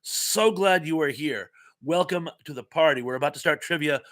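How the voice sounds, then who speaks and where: A man's voice: on the high side, normal speed, fairly bright tone. A middle-aged man hosting a casual live chat from home, a rambling storyteller who repeats words and restarts. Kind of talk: casual live-stream chat reading viewer comments.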